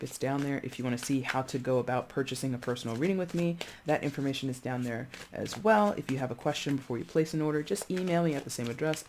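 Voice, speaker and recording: Gravelly-voiced chatty tarot reader. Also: medium pitch, a little mellow, a little hiss or hum. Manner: chatty, rambling, searches for words aloud; addresses viewers directly, frequent "okay?". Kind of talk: casual tarot reading to camera.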